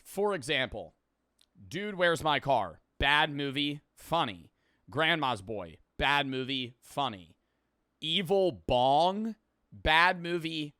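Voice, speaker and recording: Lively, bright-voiced young man reacting. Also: a little high, smooth, no echo, studio quality. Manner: animated, rambling, swears freely. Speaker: host reacting to a video. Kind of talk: casual reaction commentary.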